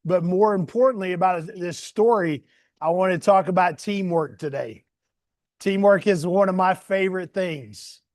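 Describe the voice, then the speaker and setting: A man's voice: high voice, normal speed, darkish tone, no room sound, clean studio sound. A man from the Southern US with a country accent, talking in a friendly, folksy way to a crowd of children as a guest reader. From Southern United States. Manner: friendly, folksy, with many fillers. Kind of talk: casual talk to a crowd of children.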